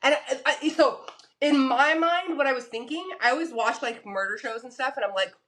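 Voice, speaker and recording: A young woman co-hosts a casual podcast chat, her voice high, fairly quick, and a little bright. She tells a story animatedly, acting out the people she quotes.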